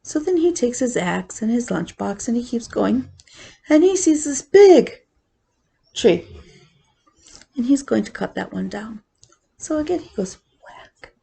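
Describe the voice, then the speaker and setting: Slow, gravelly-voiced woman vlogger. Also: fairly high pitch, sing-song, warm tone. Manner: rambling, chatty storyteller with fillers. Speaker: cross-stitch vlogger. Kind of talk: casual vlog chat.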